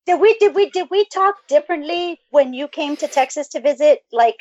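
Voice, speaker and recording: A woman's voice: high-pitched, expressive, fairly quick, a little mellow, no echo. A woman co-hosting a casual podcast chat, chatty and full of fillers, laughing easily. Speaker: podcast co-host. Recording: dull, dry sound.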